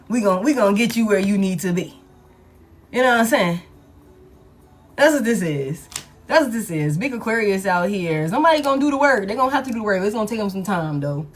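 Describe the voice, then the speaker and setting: Blunt, profane woman tarot reader. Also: mid-range voice. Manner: blunt, profane, emphatic repetition. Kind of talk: casual tarot reading monologue.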